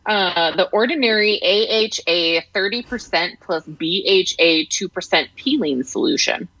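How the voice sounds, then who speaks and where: A woman's voice: fairly low pitch, animated, unhurried, bright, forceful tone, no room sound, dull audio. A woman co-host on a video call with headphones, reading hesitantly with many fillers. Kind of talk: casual chat over a video call.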